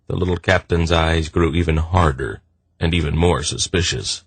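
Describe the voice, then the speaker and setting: A man narrating a fantasy audiobook in a measured, deliberate reading. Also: rumbling low, slightly rough, no echo. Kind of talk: scripted narration.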